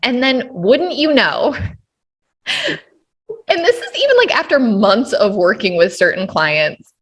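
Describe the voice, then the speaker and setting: A woman's voice: fairly high pitch, sing-song, slow, a bit bright, husky. A woman hosting a casual podcast interview, enthusiastic and affirming, laughing often. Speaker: podcast host.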